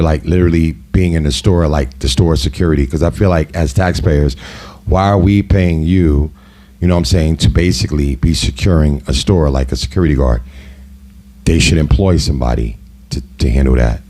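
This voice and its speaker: A middle-aged man speaks in a low, mellow voice as he tells a personal story. His delivery is casual and heated, with frequent conversational asides. He sounds like the host of his own talk show. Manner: heated, conversational, full of "you know" asides.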